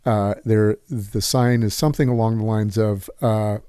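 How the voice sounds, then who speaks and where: A man's voice: fairly low pitch, fairly even intonation, normal speed, warm tone, clean tone, dry recording, clean studio sound. Profane rambling podcast co-host, a man. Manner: profane, rambling, full of fillers. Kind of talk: casual political chat.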